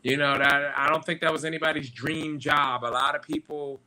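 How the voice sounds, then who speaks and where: Bright-voiced man telling loose stories. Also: fairly high pitch, flat delivery, moderate pace. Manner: loose, profane storytelling with lots of fillers. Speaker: podcast host. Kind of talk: casual live-stream monologue.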